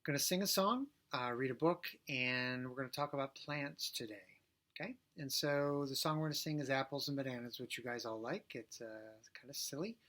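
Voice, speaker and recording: A male preschool teacher talking gently and playfully to young children, singing a silly song and reading a picture book aloud. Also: mid-range voice, fairly quick. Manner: gentle, playful, talks directly to young kids.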